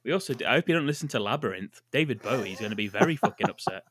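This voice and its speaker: A man's voice: mid-range voice, expressive, very fast, fairly bright tone, slight background noise. A man from the UK co-hosting a film podcast, joking and bantering defensively. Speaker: podcast co-host. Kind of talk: casual chat.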